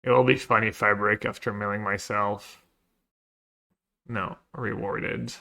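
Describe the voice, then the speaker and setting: Slow, gravelly man thinking aloud. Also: on the low side, fairly even intonation, sharp tone. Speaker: streamer playing a card game. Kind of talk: casual gameplay commentary.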